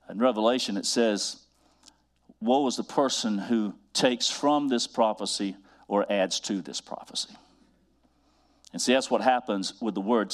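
A man preaching a sermon, building to emphatic repeated refrains and drawing out scripture quotes slowly. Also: mid-range voice. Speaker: pastor.

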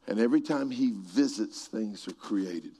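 A man preaching a sermon, telling stories with asides to people in the room and swinging from hushed tones to shouts. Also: lowish voice, animated, normal speed, husky.

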